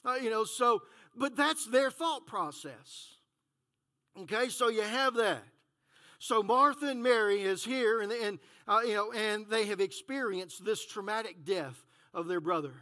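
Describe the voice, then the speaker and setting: A male pastor preaching a sermon, talking through Scripture in a conversational way and rising to shouted fervor. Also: high-pitched, a little slow.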